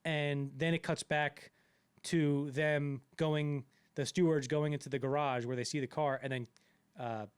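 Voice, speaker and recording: A man's voice: fairly high pitch, little pitch movement, a little slow, clear, resonant tone, no room sound. A man co-hosting a casual podcast about a film, rambling with lots of fillers and restarts. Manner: rambling, many fillers and restarts, acts out quotes. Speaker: podcast co-host.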